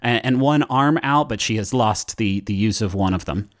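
A man hosting a podcast and narrating as game master, halting with many fillers as he describes scenes. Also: fairly low pitch, no room sound, clean studio sound.

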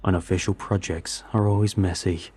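A man's voice: low voice, steady tone, moderate pace, darkish tone, slightly rough. A man voicing a secretive older male scientist who mutters curt replies.

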